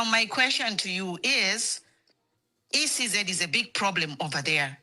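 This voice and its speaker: A woman calls in over the phone, speaking slowly and earnestly with a bright, sharp tone. Her voice is lower than most women's, and she halts often with fillers as her emotion shows. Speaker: caller. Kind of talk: call-in comment to a political show.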